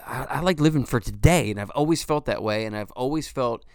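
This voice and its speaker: A man's voice: medium pitch, fairly quick, no room sound, clean studio sound. A man in his forties hosting a podcast alone, talking in a loose, rambling way, swearing freely and saying "you know" a lot. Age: 40s. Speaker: podcast host. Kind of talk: casual solo monologue.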